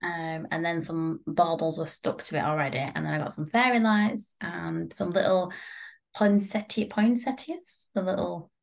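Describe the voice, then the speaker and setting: A woman with a fairly low voice co-hosts a podcast in casual conversation. She talks in a relaxed way, using fillers and quick little reactions. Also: creaky. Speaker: podcast co-host. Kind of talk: casual chat.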